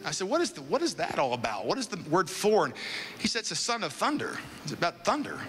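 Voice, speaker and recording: A middle-aged man giving an emphatic sermon as pastor in a church, shouting at the peaks. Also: sits high, big pitch swings, brisk, big-room sound, music in the background.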